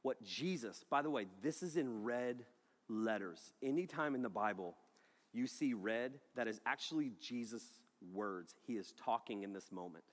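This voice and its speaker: A man preaching a sermon to a live audience, telling a funny story in an animated way, laughing and shouting as he acts out the scene. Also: mid-range voice, moderate pace. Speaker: youth pastor. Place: large hall. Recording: echoey hall with long reverb.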